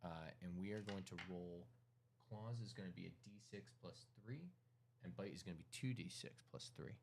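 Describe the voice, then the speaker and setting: A man narrating as game master, calling dice rolls in a casual, halting way with many fillers. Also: low voice, gravelly, a little hiss or hum.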